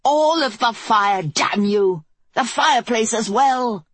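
A woman voicing a fierce, ageless queen who speaks in a sharp, commanding way in an audiobook. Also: on the low side, slow pace, dry recording. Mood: furious.

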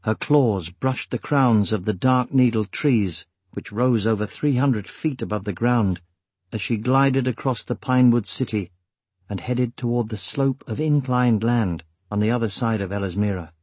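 A man reading a fantasy audiobook in a steady, measured way. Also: mid-range voice, slightly rough, no room sound. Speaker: audiobook narrator. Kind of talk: scripted fantasy narration.

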